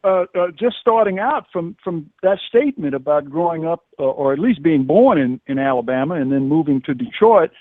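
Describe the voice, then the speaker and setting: A man hosting a radio interview, speaking haltingly with many fillers. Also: a little high, expressive, no room sound. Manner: halting, warm, hesitant with fillers. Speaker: radio host. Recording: tinny phone-like line, dry.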